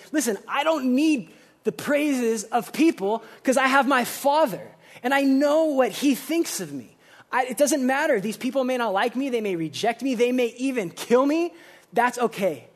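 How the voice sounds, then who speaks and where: A pastor with a very high voice delivers a casual, energetic sermon full of slang. He swings between loud emphasis and quiet reflection.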